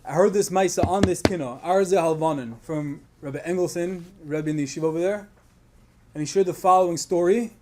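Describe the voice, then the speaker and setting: High-voiced impassioned rabbi telling a story. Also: male voice, brisk. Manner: builds to loud impassioned storytelling, Yiddish and Hebrew terms woven in. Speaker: rabbi giving a Tisha B'Av talk. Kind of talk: storytelling sermon.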